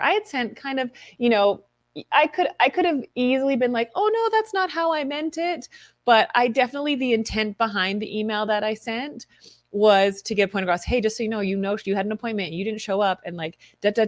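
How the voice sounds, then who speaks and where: A woman's voice: medium pitch, fairly bright tone, dry recording, clean studio sound. A woman hosting a live stream, reading viewer comments and telling candid stories with quoted inner voices.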